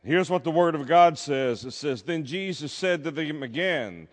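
A man's voice: on the high side, animated, normal speed, hardly any pauses. A man preaching a sermon as pastor, emphatic, drawing out his key words. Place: church sanctuary. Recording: long reverb of a church hall.

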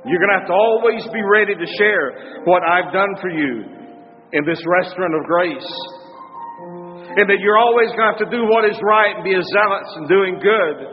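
A tender, welcoming divine host speaks in a soft, inviting voice that sits a little high , as a man puts him on. The sound is muffled and rings with a long hall echo. Soft music plays underneath. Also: moderate pace, lightly acted. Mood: earnest.

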